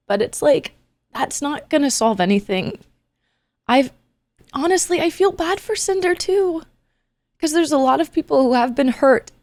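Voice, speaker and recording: A woman's voice: on the high side, a little mellow, no echo. A woman streamer talking earnestly and casually to her chat, rambling and soothing with the odd joke.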